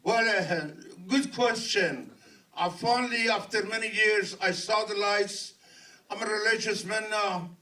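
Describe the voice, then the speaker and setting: An older man from Iran with an Iranian accent, answering audience questions at a premiere Q&A in halting, broken English. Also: high-pitched, pushed and bright. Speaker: guest of honor at a film premiere Q&A. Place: theater at a film premiere. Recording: distant mic in a venue.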